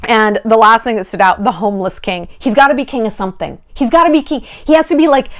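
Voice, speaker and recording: Speaking fast in a slightly high voice, a woman gives dating advice in an easygoing commentary vlog. She's animated and sarcastic, curses freely and performs the voices of those she quotes.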